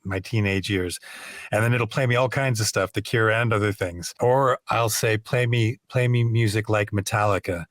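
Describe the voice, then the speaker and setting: A middle-aged man, a voice actor, telling animated, self-deprecating stories in a casual interview. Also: fairly low pitch, moderate pace, no echo, clean studio sound. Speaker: voice actor guest.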